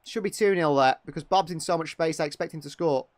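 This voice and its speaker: A young man giving partisan live fan commentary on a match, excitable and quick to criticise players. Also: a little high, no echo. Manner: excitable, exclaiming at big moments, critical of players.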